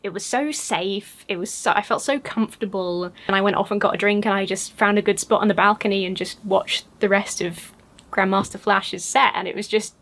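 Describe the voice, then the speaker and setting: An English woman talks straight to her viewers in a loose, chatty vlog. She gushes with excitement, her voice jumps up high, and she piles on fillers and restarts as she goes. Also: fairly quick. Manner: gushing and excitable, with many fillers. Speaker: YouTuber. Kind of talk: casual chat.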